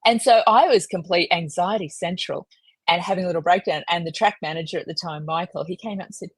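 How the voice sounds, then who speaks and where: A woman with a lowish, husky voice tells stories as a podcast guest. She is lively and self-mocking, and the close recording is dry. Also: fast, no echo. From Australia. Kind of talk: casual storytelling in a podcast interview.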